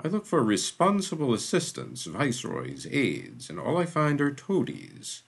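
A man voicing a menacing one-eyed dark sorcerer who speaks slowly, with a heavy, doom-laden voice. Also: huge pitch swings, vocal fry, slightly rough, heavily acted. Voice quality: slow, booming, doom-laden.

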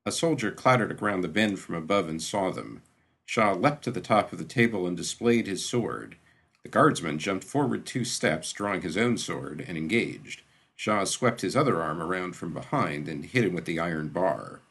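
Deep husky guy reading a fantasy audiobook, gravelly, lively delivery. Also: normal speed. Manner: steady, descriptive storytelling. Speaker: narrator. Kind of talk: audiobook narration.

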